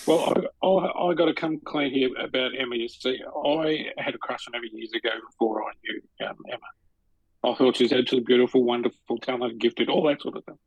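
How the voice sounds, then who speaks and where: A man's voice: medium pitch, fast talker, slightly rough, no echo, highs cut off. Chatty man telling stories. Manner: chatty, storytelling with lots of restarts. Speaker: podcast co-host. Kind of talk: casual chat.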